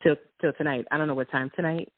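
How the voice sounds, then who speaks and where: A woman's voice: sits low, steady tone, fast, no echo. A woman co-hosting a casual talk show, rambling and giggling as she shares her week. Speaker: co-host. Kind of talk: casual chat. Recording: tinny phone-line sound.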